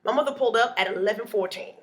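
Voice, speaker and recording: A woman comedian telling a comic story in an animated, punchy way, often adding "okay?". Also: fairly high pitch, rapid-fire.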